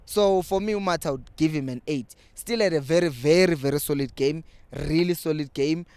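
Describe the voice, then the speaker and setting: Animated South African football fan. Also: male voice, fairly high pitch, normal speed, smooth, dry recording. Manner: animated, switching between English and Zulu. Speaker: football fan channel host. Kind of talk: casual fan commentary.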